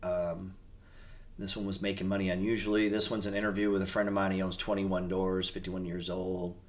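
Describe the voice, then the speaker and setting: A man's voice: low voice, level tone, a little fast. A man hosting a trading show, talking loosely and profanely in a rambling, joking way. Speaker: trading channel host. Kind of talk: casual unscripted livestream chat.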